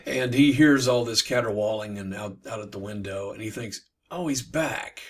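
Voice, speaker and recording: A man teaching literature by retelling a bawdy classic tale in a playful, animated way. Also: fairly low pitch, normal speed, recorded from a distance.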